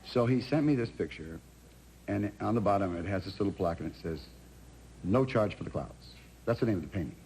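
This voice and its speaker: A man in his fifties telling a rambling anecdote as a talk show guest, halting and restarting often. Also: fairly low pitch, expressive, darkish tone. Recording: TV studio with audience noise.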